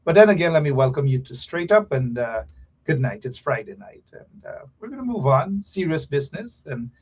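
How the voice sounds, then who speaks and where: A middle-aged Guyanese man hosting his own talk show, voice set a touch higher than most men. He teases his listeners in a loose, preachy monologue, jumping from loud calls to low mumbled asides. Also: sing-song, moderate pace, slightly rough. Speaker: radio and streaming show host.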